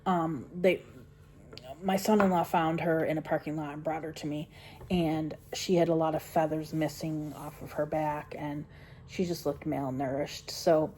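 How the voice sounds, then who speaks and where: A middle-aged woman talks casually at home while she crochets, rambling and trailing off into quiet mumbles. Her voice sits low and sounds mellow and relaxed. There is a faint hiss behind her. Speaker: homestead vlogger.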